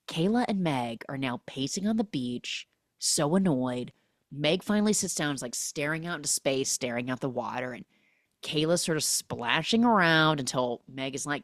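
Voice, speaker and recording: A woman's voice: low voice, moderate pace, no echo, clean studio sound. A woman hosting a podcast, recapping a film in a casual, sarcastic way, acting out the characters' lines as she goes. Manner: animated, sarcastic storytelling with acted quotes. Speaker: podcast host.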